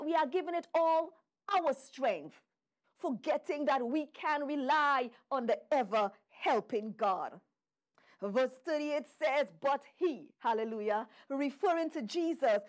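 A woman preacher delivering a sermon, telling the story dramatically and calling out fervently to her listeners. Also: high voice. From Trinidad and Tobago.

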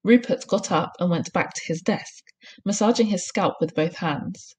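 A primary school teacher gives a recorded reading lesson, with clear, encouraging instructions. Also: female voice, fairly low pitch, moderate pace, a little mellow.

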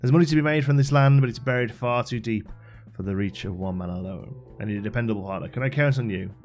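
A man reading the lines of a smooth, mysterious male stranger on the phone, with no accent, in a game playthrough. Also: medium pitch, fast talker, a little mellow, soft background music, natural voice. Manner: plainly read, no accent.

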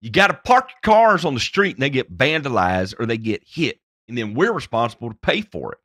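A man co-hosting a podcast, reading news items with sarcastic, profane, animated commentary on a close mic. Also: medium pitch, fairly quick, dry recording. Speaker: podcast co-host.

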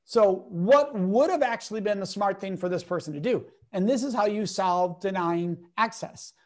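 A man's voice: sits high, normal speed. A man speaking as a guest educator in an interview, talking emphatically and acting out quoted remarks from anecdotes. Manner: emphatic, lively, acts out quotes in different voices. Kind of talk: animated interview talk with acted-out anecdotes.

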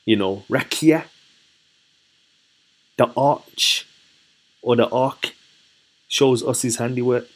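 A man leading a casual Bible study, chatty and relaxed, who asks his listeners questions and then answers them himself. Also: medium pitch, takes it slowly, pauses often, breathy edge. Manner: relaxed, chatty and self-correcting. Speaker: scripture teacher.

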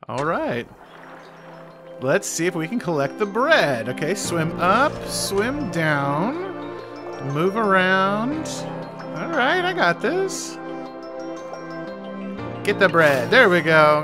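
A man gives chatty let's play commentary on a video game, talking playfully to the characters on screen. His voice sits a little high and swings widely in pitch, and he talks at an unhurried pace. Game music plays behind him. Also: big pitch swings. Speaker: gaming channel host.

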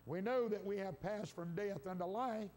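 A man's voice: high voice, moderate pace, darkish tone. A man preaching a sermon in church, quoting scripture and rising to fervent exclamations, his voice congested from an illness. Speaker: pastor. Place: church sanctuary.

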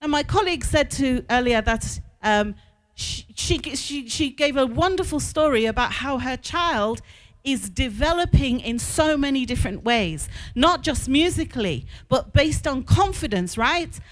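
A woman's voice: high voice, measured pace. Emphatic woman consultant addressing staff. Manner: lively storytelling, emphatic repetition. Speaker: school consultant. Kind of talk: conference talk to staff. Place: conference hall.

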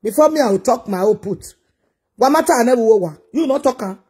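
Husky, scolding nigerian woman. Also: a little high, lively intonation, fast, darkish tone. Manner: blunt, scolding, pidgin-heavy. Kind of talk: casual vlog rant.

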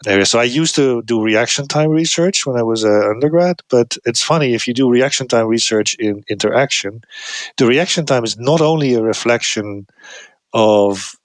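A man talking as a podcast guest, explaining his research in a lively way, with frequent restarts and raised pitch when he acts out examples. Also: moderate pace, no echo. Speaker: podcast guest, cognitive scientist. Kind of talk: explanatory interview talk.

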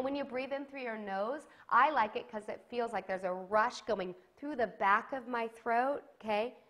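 A woman's voice: a little high, fairly bright tone. Woman teaching a singing lesson. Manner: encouraging, demonstrates sung vowels between spoken instructions.

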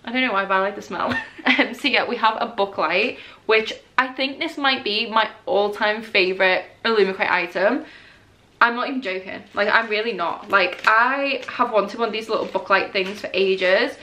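A young woman chatting casually in a book unboxing vlog, excitable and gushing, often laughing as she talks. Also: mid-range voice, normal speed. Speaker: book vlogger. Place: indoors at home, rain outside.

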